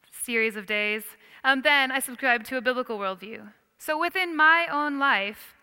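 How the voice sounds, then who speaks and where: A woman lectures to a class in a lively, engaging way, stopping often to put questions to her listeners. Her voice sits a little high and is crisp and smooth, with a bright edge. A long reverb trails each phrase, as in a large hall. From United States. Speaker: Christian teacher.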